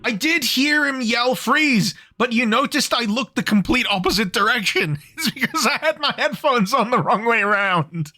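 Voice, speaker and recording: This male streamer has a very high, animated voice, pushed and bright, moving at normal speed with hardly any pauses. Slightly buzzed after a few beers, he gives casual commentary on his game, cracks jokes with chat, laughs a lot and talks with his viewers.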